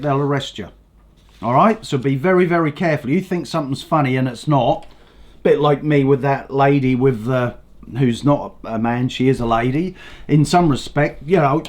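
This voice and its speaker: An older man, a bit hoarse, ranting bluntly about politics and swearing often. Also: fairly high pitch, a little mellow. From England. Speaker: vlogger.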